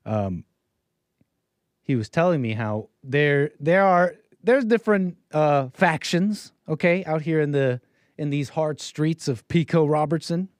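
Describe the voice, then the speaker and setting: A man's voice: fairly high pitch, animated, a little slow, no echo, studio quality. A young man hosting a livestream, telling a casual, rambling story in a wry way and slipping into voices when he quotes people. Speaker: livestream host.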